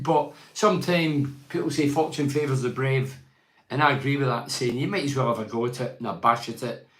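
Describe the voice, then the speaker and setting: A man's voice: medium pitch, a bit bright. A man, giving a blunt, opinionated football match review and reading fan emails. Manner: blunt, ranting, quotes others in mock voices. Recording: echoey room.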